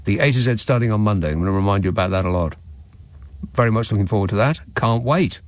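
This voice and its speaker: A man's voice: lowish voice, fast talker, no room sound. A man hosting a late-night radio phone-in, talking in a dry, sardonic, mock-indignant way.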